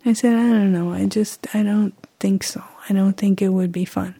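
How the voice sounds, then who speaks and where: A middle-aged woman telling a personal story in a reflective, halting way, often restarting her sentences. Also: medium pitch, fairly even intonation, vocal fry, warm tone, slightly rough.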